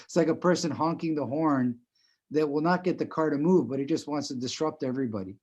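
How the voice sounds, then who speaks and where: A man's voice: a little high, brisk, darkish tone. A man leading a live online breathing class, talking conversationally and often checking in with "right?". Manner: conversational, repeats "right?" often, chuckles while explaining. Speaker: breathing instructor. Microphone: video call.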